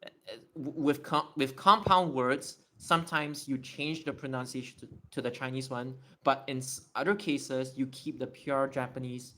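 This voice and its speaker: A man's voice: medium pitch, fairly even intonation, normal speed, bright, forceful tone. A young man on a casual livestream, explaining step by step while he writes and thinks aloud.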